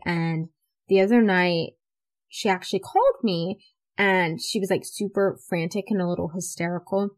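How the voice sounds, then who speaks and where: A teenage girl hosting a casual podcast, telling stories in an animated, chatty way full of "like" fillers. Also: fairly low pitch. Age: teens. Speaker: podcast host. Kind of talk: casual chat.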